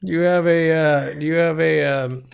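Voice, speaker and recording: A man hosting a casual comedy panel chat, laughing often and slipping into quick impressions. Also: fairly high pitch, fairly even intonation, vocal fry, clean tone. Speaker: host.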